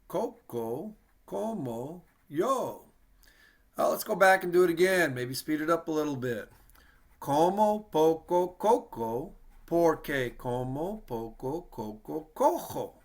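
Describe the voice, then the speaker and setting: Guy teaching a language class online, easygoing and patient, slows right down to sound words out, medium voice. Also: mid-range voice. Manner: patient, slow demonstration of words, easygoing asides. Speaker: Spanish teacher. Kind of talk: casual online language lesson.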